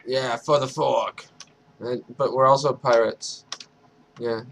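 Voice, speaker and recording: A man's voice: mid-range voice, steady tone, takes it slowly, creaky, long pauses, a little hiss or hum, rough recording. A man who streams games, chatting in a laid-back, drawling way and swearing casually. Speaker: game streamer. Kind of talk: casual gaming chat.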